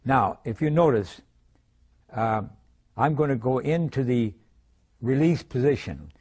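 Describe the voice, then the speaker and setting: An older man giving a drum lesson, explaining stick grips in a calm, methodical way with frequent pauses. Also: mid-range voice, husky. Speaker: drum instructor. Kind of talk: demonstrating drum technique.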